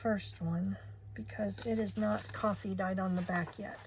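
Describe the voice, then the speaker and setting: A woman's voice: mid-range voice, fairly even intonation, a little slow, a little mellow, a little hiss or hum, low-quality recording. A woman in her sixties hosting a crafting video, chatting casually and gushing over pretty papers and lace. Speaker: crafting channel host. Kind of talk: casual crafting tutorial chat.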